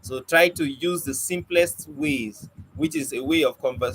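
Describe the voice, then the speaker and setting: Over music, a man with a fairly high voice teaches poetry informally at a measured pace, often pausing to find words. His delivery is conversational with restarts, and the poor audio carries faint background noise.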